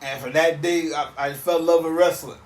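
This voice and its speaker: A man in his thirties hosting a podcast, ranting casually in an animated, repetitive, emphatic way on a back porch outdoors. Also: a little high, fairly quick. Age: 30s. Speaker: podcast host. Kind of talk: casual solo rant. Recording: roomy sound from off mic.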